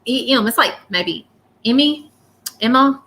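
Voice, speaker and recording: Bright-voiced woman medium, earnest and reassuring. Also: a little high, animated, measured pace. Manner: earnest, reassuring, repeats phrases. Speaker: psychic medium. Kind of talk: live reading.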